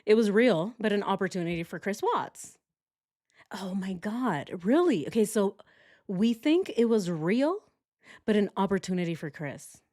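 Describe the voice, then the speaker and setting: Lively, laughing woman streamer. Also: medium pitch, a little slow. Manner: animated, laughs often, sarcastic. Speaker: true crime livestream host. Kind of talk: casual livestream commentary.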